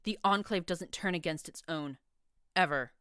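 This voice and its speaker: A woman's voice: fairly low pitch, moderate pace, fairly bright tone, smooth, no room sound, clean studio sound, natural voice. A woman reading a furious, proud pegasus mare soldier in an audiobook, with a harsh, accusing manner. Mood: cold.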